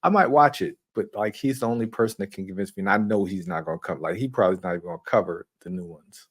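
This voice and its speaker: A man's voice: low-pitched, fast. A man talking as a guest on a casual live movie chat, rambling with many fillers and restarts.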